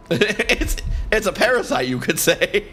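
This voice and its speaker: A man in casual game-stream banter who jokes and laughs often. His voice sits fairly high and is very animated in pitch. Faint game music plays behind him. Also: takes it slowly.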